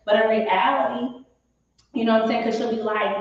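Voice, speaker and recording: A woman's voice: fairly high pitch, steady tone, normal speed. A woman in her late twenties speaks with emphatic, candid conviction, often checking in with "you know what I'm saying". She sounds far from the mic in a very echoey room, and the audio is dull and lo-fi. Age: late 20s. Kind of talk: candid casual chat.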